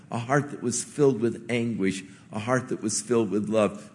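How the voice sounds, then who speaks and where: A man preaching a sermon as a pastor, in a gentle, conversational way with earnest pauses. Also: medium pitch, big-room sound.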